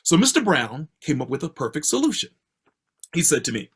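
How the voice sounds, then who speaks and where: An older man from Baltimore telling a personal story with a theatrical, expressive delivery, heard over a video call. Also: fairly quick, slightly rough. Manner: expressive, theatrical delivery with swings in pitch and pace.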